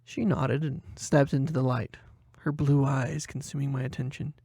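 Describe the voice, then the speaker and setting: A man narrating a first-person horror short story in a measured, dramatic way, softening his voice for inner thoughts. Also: medium pitch, flat delivery, slightly rough, dry recording, clean studio sound.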